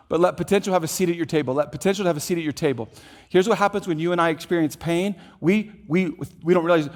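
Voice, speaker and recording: A male pastor giving a sermon in a church, telling a story in an animated way, moving from hushed to loud. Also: a little high. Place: church auditorium.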